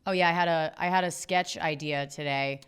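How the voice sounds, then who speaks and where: A woman co-hosting a podcast, joking and swearing casually as she pitches comedy sketch ideas. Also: steady tone, fairly quick, a bit bright, clean tone. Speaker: podcast co-host. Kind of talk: casual chat.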